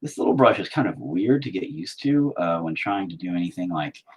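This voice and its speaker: Man, husky voice, animated swings in pitch, rambling and swearing, casual painting chat. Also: brisk. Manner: rambling, profane, self-mocking. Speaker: painting vlogger.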